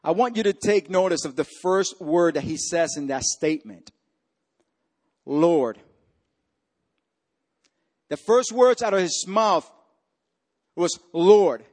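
A man's voice: high-pitched, animated, moderate pace. Impassioned man preaching a sermon. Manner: impassioned preaching, swinging between loud peaks and hushed lines. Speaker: pastor.

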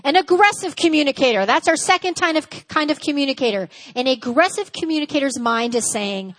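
Lively woman teaching at church. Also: sits high, brisk. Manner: lively, acts out little dialogues, checks in with "all right?". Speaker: church speaker. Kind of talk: teaching sermon. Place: church service.

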